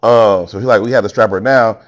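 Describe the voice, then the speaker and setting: A man's voice: lowish voice, fairly quick, lo-fi sound. A tired man co-hosting a podcast, telling a story in casual chat and acting out quotes. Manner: animated, acts out quotes, laughs often. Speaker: podcast co-host.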